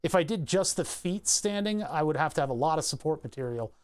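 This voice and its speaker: Philly guy rambling on his stream, chatty, kinda high voice. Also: lively intonation, fairly quick, clear, resonant tone. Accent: Philadelphia. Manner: rambling, chatty, laughs easily. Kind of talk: casual livestream chat.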